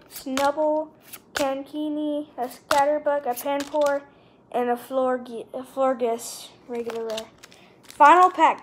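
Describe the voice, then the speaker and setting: An excitable woman unboxing trading cards, her high voice running unhurried as she names each card. She gushes over the rare pulls, and faint hiss sits under the camera-mic sound with wrappers crinkling nearby. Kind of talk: casual unboxing commentary.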